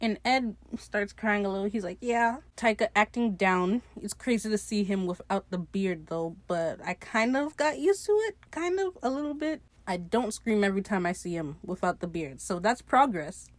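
A woman's voice: medium pitch, lively intonation, moderate pace, hardly any pauses, dry recording. A young woman casually recapping a TV episode on her podcast, chatty and sarcastic, swearing freely and laughing at her own jokes.

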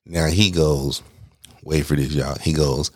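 A man casually telling a personal story, slangy and animated, swearing and talking straight to his listeners. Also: rumbling low, a little slow, dry recording, studio quality. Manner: acts out quoted lines in a raised voice.

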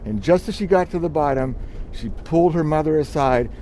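A man's voice: a little high, a little fast, dark tone, slight background noise. A man who is an airline captain, telling a story in an easygoing way with small chuckles. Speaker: airline captain, podcast co-host. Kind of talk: casual storytelling.

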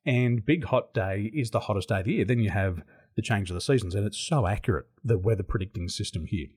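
A middle-aged Australian man telling stories as an interview guest, animated and laughing often. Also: lowish voice, fast talker, slightly rough. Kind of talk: casual interview storytelling.

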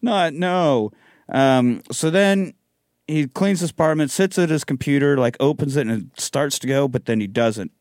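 A man recapping a movie in casual chat, profane and animated, acting out characters' lines as he goes. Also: medium pitch, normal speed, no echo, clean studio sound. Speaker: podcast host.

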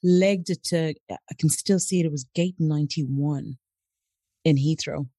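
Lively woman storyteller, dry close sound. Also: sits low, measured pace, dry recording. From Africa. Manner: animated, acts out voices of people in her stories. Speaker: interview guest. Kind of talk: storytelling in conversation.

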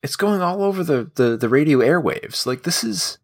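A man's voice: on the high side, animated, normal speed. A man co-hosting a podcast in casual chat, sarcastic and rambling. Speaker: podcast co-host.

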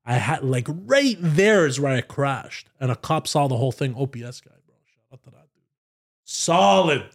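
A man, a podcast guest telling a story in a casual, animated way, swearing freely and saying "bro" a lot. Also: medium pitch, brisk. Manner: animated, profane, says "bro" constantly.

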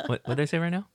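A man's voice: fairly high pitch, no room sound, studio quality. A man hosting a casual podcast, joking around and reading listener mail aloud. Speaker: podcast host. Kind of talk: casual chat.

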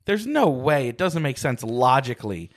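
A man co-hosting a casual chat, animated and swearing, sliding into silly impressions now and then. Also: medium pitch, normal speed. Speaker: podcast co-host.

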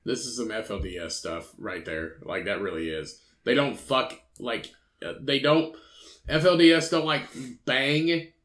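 A podcast co-host with a medium-pitched, slightly bright voice reads out a news story. In casual chat he rants in quick bursts, using heavy profanity.

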